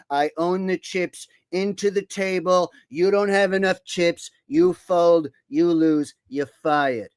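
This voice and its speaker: A man's voice: sits high, clean tone, dry recording. Man doing a bragging bluster-president impression. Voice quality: repetitive, bragging, bullying cadence. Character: boastful blustering male president, older.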